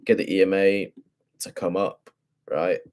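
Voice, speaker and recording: Low-voiced man breaking down charts. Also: little pitch movement, unhurried, a little mellow, slight background noise. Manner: profane, slangy, thinking aloud. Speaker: forex trader.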